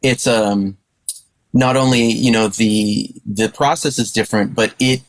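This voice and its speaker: A man on a panel discussion talking with excited enthusiasm, stammering and restarting his sentences as he goes. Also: lowish voice, a little slow, low-quality recording.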